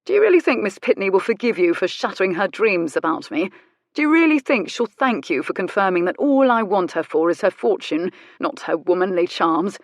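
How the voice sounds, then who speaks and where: A woman's voice: medium pitch, sing-song, fairly quick, no room sound, studio quality. A woman reading an audiobook, voicing a smug, cruel aristocratic man in a self-satisfied, sneering manner. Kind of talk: audiobook character voice.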